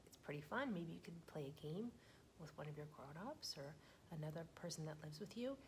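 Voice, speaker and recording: Gentle woman leading a children's storytime. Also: low voice, animated, a little hiss or hum. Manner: gentle, slow and encouraging, talking to small children, often dropping to a whisper. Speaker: children's librarian.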